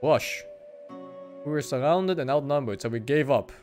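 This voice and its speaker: A man's voice: medium pitch, moderate pace, darkish tone, soft background music, lightly acted. A man reading the lines of a tired male doctor rescued from raiders, in an almost plain voice. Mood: weary. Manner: reading the dialogue aloud plainly.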